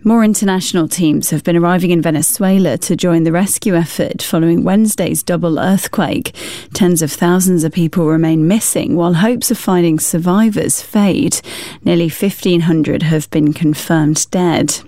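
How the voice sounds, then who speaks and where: Female newsreader, low mellow voice with some fry, dry close sound, formal measured read. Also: dry recording. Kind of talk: scripted news bulletin.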